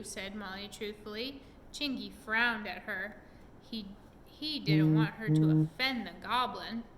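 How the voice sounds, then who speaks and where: A woman's voice: mid-range voice, measured pace, slight background noise. Woman reading a storybook aloud. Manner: expressive and explaining.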